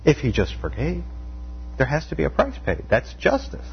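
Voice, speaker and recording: A man preaching a conversational sermon, animated, full of rhetorical questions and acted-out quotes. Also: fairly high pitch, moderate pace, creaky, breathy edge. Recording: dull lo-fi sound with faint mains hum.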